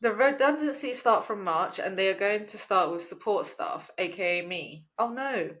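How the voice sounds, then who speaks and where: A young woman co-hosting a casual podcast chat, relaxed with playful asides. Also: medium pitch, normal speed. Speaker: podcast co-host.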